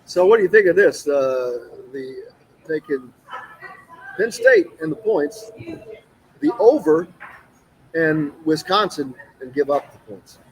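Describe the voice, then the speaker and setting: A man hosting a sports radio show who banters and teases his guests in a relaxed way. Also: a little high, takes it slowly, long pauses, slightly rough, rough recording. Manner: joking, teasing.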